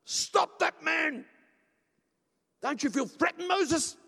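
A preacher acting out an agitated, indignant male disciple who shouts in protest. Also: lively intonation, takes it slowly, creaky, heavily acted. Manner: shouting, high-pitched protest. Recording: long hall reverb.

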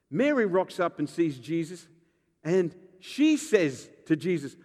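A man, a pastor preaching a sermon with animated, joking storytelling and acted-out voices. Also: fairly high pitch, a little slow, big-room sound.

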